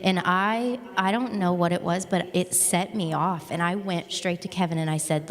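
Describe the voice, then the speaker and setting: A woman with a lower voice shares a story about a misunderstanding with a friend. She talks candidly and pokes fun at herself. Her voice rings with the long reverb of a church hall. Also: steady tone, normal speed, few pauses, crowd noise. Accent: American. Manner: candid, self-mocking, laughs at herself. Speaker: panel guest at a women's church event. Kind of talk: casual storytelling on stage.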